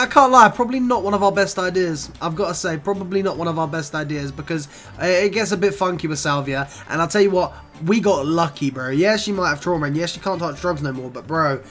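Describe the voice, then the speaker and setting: A young man, telling a casual, expletive-laden story for his vlog. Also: sits high. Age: 20s. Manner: animated, swears often, says "bro" a lot. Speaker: vlogger.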